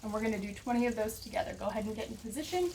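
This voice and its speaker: A woman's voice: a little high, expressive, racing, a little mellow, slight background noise. Slightly breathless woman counting workout reps. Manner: counting reps aloud while exercising. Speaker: fitness instructor. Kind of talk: follow-along workout instruction. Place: home workout space.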